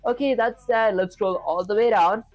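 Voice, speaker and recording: A man's voice: high-pitched, moderate pace, soft background music. A young man with an Indian accent live-streaming his coding, thinking aloud through each step and chatting with viewers.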